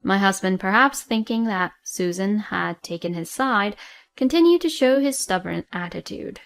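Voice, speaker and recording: A woman's voice: medium pitch, animated, normal speed, vocal fry. A woman narrating a personal story plainly, in a matter-of-fact way.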